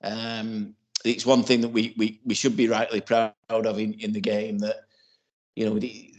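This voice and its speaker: A man's voice: fairly low pitch, flat delivery, a little slow. Rambling man in his forties. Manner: rambling, full of "you know" and restarts. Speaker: podcast co-host. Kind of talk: casual podcast chat.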